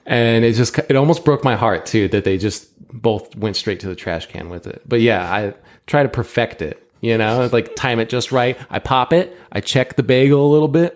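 A man's voice: mid-range voice, normal speed. Guy in his 30s on a podcast, acting out his kids' lines, cussing a lot. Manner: animated storyteller, swears a lot, acts out his kids. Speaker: podcast co-host. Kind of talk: casual chat.

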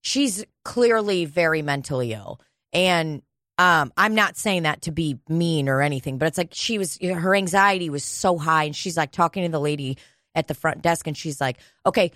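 A woman's voice: low voice, normal speed, a bit bright, no echo. Woman co-host, casual chat, blunt and sweary, dry close sound. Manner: candid, profane storytelling.

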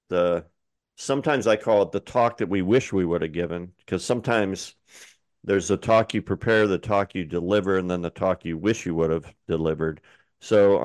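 Low-voiced, relaxed podcast co-host man. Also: no echo. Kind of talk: casual podcast conversation.

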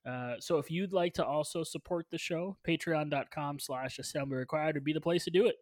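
A man's voice: on the high side, fairly quick, no echo. A man hosting a casual movie podcast, upbeat and jokey as he introduces guests and reads the show plugs. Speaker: podcast host.

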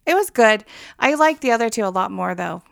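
A woman's voice: fairly high pitch, expressive, fairly quick, creaky, fairly bright tone, dry recording, clean studio sound. A woman in her thirties chatting casually and giggling about movies she has seen. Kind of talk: casual chat.

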